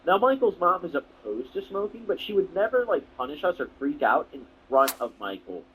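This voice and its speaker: A man's voice: fairly high pitch, very animated, fairly quick, a bit bright, slight background noise, low-quality recording. A young man talking casually to camera, telling a rambling, profane, slang-heavy story as a video creator.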